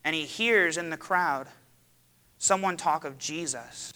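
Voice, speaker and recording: A man with a bright, forceful voice delivers a sermon in church. He preaches dramatically, swelling to loud passages and pulling back to quiet ones. His voice sits a little high. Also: measured pace. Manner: dramatic, rising to loud cries when quoting. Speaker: pastor.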